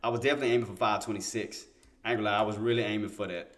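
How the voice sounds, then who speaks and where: Racing through live market commentary in a lowish voice, this day-trading livestream host talks through the chart as it moves. He mutters to himself, repeats phrases, keeps restarting sentences, and erupts into excited, insistent bursts.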